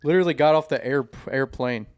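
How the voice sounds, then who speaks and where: Laid-back young man, smooth dry voice. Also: medium pitch, fast, no room sound. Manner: laid-back, swears freely. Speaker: podcast host. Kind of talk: casual chat.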